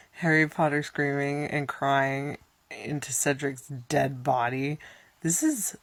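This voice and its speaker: A young woman in her twenties talks through a casual reaction vlog with a low, unhurried voice. She is chatty and dramatic, with giggly asides, and sounds worn out and tired. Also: no room sound. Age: 20s. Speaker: vlogger.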